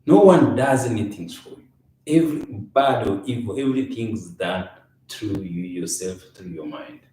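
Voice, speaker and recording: A man's voice: on the low side, animated, moderate pace, mellow, a little hiss or hum. A middle-aged man, a father co-hosting a podcast, giving earnest advice and repeating himself. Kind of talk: casual advice chat. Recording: echoey room, far from the mic.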